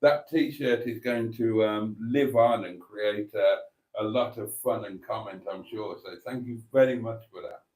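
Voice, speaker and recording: A man's voice: fairly low pitch, fairly even intonation, unhurried, darkish tone, slightly rough. A man hosting a casual live stream, reading chat messages aloud and chatting in a self-deprecating way. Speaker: livestream host reading chat.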